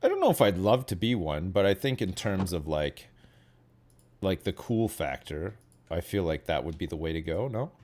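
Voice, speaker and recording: Canadian man, low voice, casual rambling chat, lots of filler words. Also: very animated, moderate pace, darkish tone. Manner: rambling, full of "like" and "right?". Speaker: streamer chatting with a guest.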